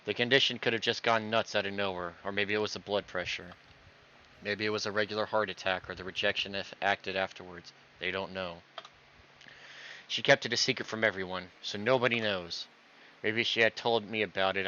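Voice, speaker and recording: A man's voice: lowish voice, fairly even intonation, brisk, sharp tone, a little hiss or hum. A man reading visual novel dialogue aloud, voicing every character himself and acting out the stammers. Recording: dull lo-fi recording.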